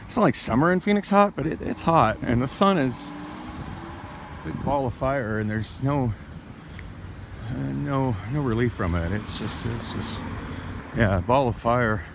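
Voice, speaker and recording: A man talking to camera in a rambling, halting way, with many fillers and restarts, while out on a city street. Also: medium pitch, animated, gravelly, noisy background. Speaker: vlogger. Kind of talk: casual vlog monologue.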